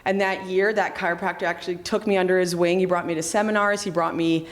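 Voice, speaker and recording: A woman's voice: fairly low pitch, fairly even intonation, quick pace. A woman in her thirties, a chiropractor, talking casually in an interview, chatty, with many fillers and restarts. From Canada. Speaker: chiropractor and clinic founder.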